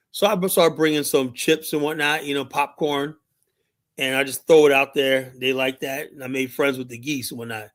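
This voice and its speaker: Guy on a live stream rambling on, kinda high voice, keeps saying "and whatnot". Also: fairly even intonation, moderate pace, fairly bright tone. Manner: rambling, storytelling, lots of fillers like "and whatnot". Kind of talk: casual chat to a live chat. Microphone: streaming mic.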